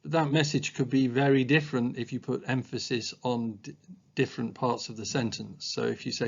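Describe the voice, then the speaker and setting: A man giving a measured training talk on communication at a special school, pausing often with ums and uhs. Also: mid-range voice, steady tone, vocal fry, lo-fi sound.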